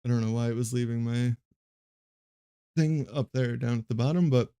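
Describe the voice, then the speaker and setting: Man, young, monotone, rambling commentary, gravelly, mellow. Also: mid-range voice, normal speed. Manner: monotone, rambling with many fillers. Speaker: streamer commenting on a card game match. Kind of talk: casual live play-by-play commentary.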